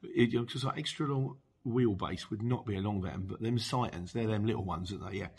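A man's voice: on the low side, brisk, vocal fry, darkish tone, slightly rough. A middle-aged man hosting a podcast, reading out listener messages and chatting casually with many restarts and asides. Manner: chatty, rambling, with frequent restarts and laughs. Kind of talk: casual chat.

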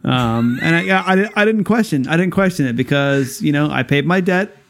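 Male co-host, playful, laughs a lot, a bit higher pitched. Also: animated, normal speed. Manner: jokey, laughs often. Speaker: podcast co-host. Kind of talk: casual chat.

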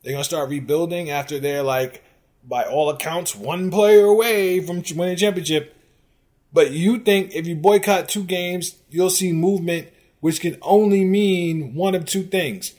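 Host, male, slightly high voice, sarcastic exasperated rant with loud bursts. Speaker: sports podcast host. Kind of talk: ranting commentary on fan comments.

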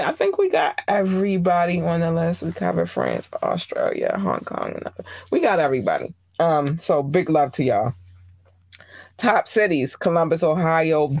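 A show host from Baltimore giving casual, effusive and affectionate shout-outs to listeners, with big playful jumps in pitch. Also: sing-song, normal speed, vocal fry, dry recording. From Baltimore, Maryland. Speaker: podcast host.

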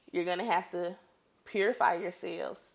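A woman with a slightly low voice gives a relaxed, chatty Bible teaching. She reads verses aloud and then talks them over in an animated, down-to-earth way. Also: slow pace, gravelly. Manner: animated and conversational, reads scripture then reacts playfully.

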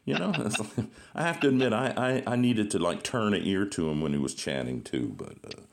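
This podcast host speaks fairly quickly in a low-leaning voice with vocal fry and big pitch swings. Throughout the casual interview he cracks jokes, spins stories, and laughs a lot.

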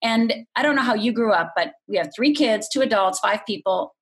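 A woman's voice: on the high side, lively intonation, a little fast. Candid middle-aged woman telling her story. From Upper Michigan, USA. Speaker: podcast guest. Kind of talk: personal storytelling.

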